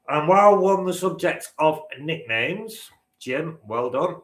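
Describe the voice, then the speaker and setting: A man's voice: on the high side, lively intonation, takes it slowly, fairly bright tone, reverberant. A man hosting a live-stream quiz, bantering with the chat and swearing now and then. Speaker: quizmaster.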